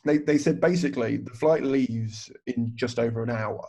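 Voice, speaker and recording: A stand-up comedian tells a story on a podcast, swearing freely and acting out other people's lines. He has a creaky, warm, mid-range voice at normal speed. The audio comes over a video call and sounds dull and lo-fi.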